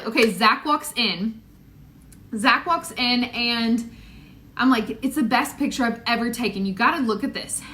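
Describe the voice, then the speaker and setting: A pregnant young woman with a drawl tells a story straight to camera, chatty and loose, scattering "like" and "y'all" through every line. Her voice is bright and ringing, sitting a touch high. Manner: chatty storytelling with many "like"s, addresses viewers as "y'all". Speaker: vlogger. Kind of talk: casual chat to camera.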